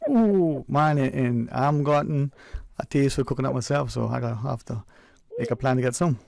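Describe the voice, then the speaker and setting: A man's voice: medium pitch, normal speed, gravelly, darkish tone, no echo. A man hosting a call-in radio show in an easygoing, chatty way, often restarting his sentences, recorded on a close studio mic. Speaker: radio talk show host. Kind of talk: casual call-in radio chat.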